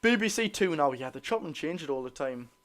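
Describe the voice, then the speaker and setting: A man's voice: a little high, animated, fairly quick, a bit bright. Chatty Geordie man hosting a livestream. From North East England. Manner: chatty, reads viewer comments aloud, calls chat lads and lasses. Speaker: football fan livestream host. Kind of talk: casual live watch-along chat.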